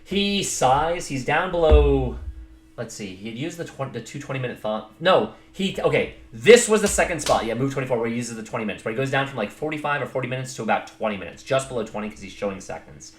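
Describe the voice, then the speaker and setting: A man's voice: medium pitch, lively intonation, fast talker. A man casually recapping his own chess game, rambling with lots of fillers and poking fun at himself. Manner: rambling, many fillers, self-mocking. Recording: roomy echo, faint background noise.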